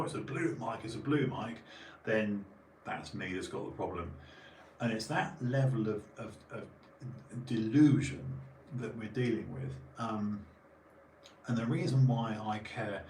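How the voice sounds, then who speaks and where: A man's voice: lowish voice, recorded from a distance. A man hosting a podcast, ranting emphatically with many restarts. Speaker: podcast host. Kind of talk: casual podcast chat. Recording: roomy sound from off mic, faint noise.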